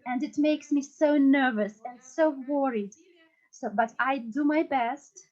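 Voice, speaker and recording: A woman telling a personal memory as a disciple at a devotional gathering, in an earnest, halting way with frequent restarts. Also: sits high, darkish tone, dull audio.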